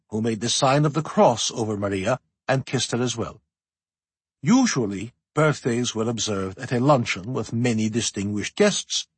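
A man narrating a historical novel in the first person, measured and expressive. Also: mid-range voice, slightly rough, no echo. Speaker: audiobook narrator.

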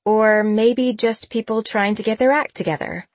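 A woman's voice: fairly high pitch, normal speed, no echo, pitched above the performer's own voice, natural voice. A woman voicing a young mother who is firm but affectionate, coaxing her daughter in an audiobook.

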